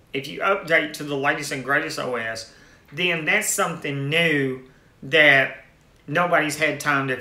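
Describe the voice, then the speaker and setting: A man's voice: fairly high pitch, pushed and bright, echoey room. A man hosting a tech channel in casual live-stream chat, rambling with restarted phrases as he answers viewer comments.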